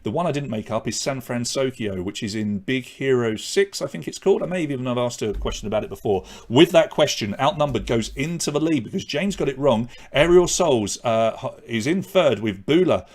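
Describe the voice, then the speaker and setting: A man's voice: medium pitch, lively intonation, brisk, few pauses. Chatty man hosting an online quiz. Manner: chatty, self-deprecating, reads scores and answers aloud. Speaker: online pub quiz host. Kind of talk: live quiz hosting and leaderboard commentary.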